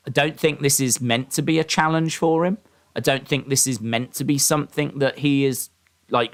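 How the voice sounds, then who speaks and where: A man hosting a casual live stream, talking in a rambling, opinionated way with lots of ums and restarts. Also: medium pitch. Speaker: live-stream host reacting to wrestling and boxing.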